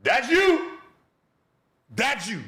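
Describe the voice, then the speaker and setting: Male podcast host, sarcastic reactor, high animated voice, roomy sound. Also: extremely slow. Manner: mocking, sarcastic, shouts and laughs. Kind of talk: reacting to clips.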